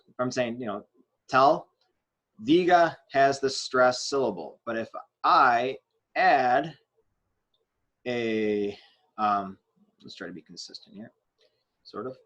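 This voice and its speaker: A man teaching a grammar lesson step by step, pausing often to correct himself as he explains. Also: mid-range voice, fairly bright tone. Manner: explains step by step, with frequent fillers and restarts. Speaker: Spanish teacher.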